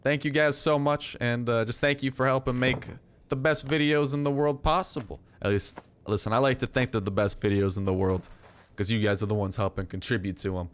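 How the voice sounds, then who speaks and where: A man's voice: mid-range voice, fairly even intonation, brisk, a little hiss or hum. A young man giving casual, rambling commentary over his gameplay, full of fillers and jokes. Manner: rambling, filler-heavy, jokey. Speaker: gaming YouTuber.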